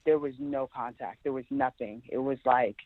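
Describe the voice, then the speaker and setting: A woman's voice: very deep voice, steady tone, moderate pace, no echo. A woman in her twenties from Sierra Leone, a guest telling her own story earnestly and often saying "like" and "really". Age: 20s. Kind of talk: personal storytelling interview. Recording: tinny phone line.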